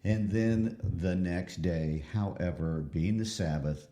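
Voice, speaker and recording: Male co-host, very low and dark voice, echoey room, thoughtful delivery. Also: takes it slowly. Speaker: podcast co-host. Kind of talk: literature podcast discussion.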